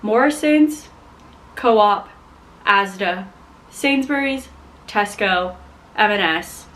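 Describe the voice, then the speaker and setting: A young woman from the United States chatting casually to camera as a vlogger, animated and full of "like". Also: mid-range voice, slow pace, poor audio. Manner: chatty, animated, heavy use of "like". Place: home in Scotland.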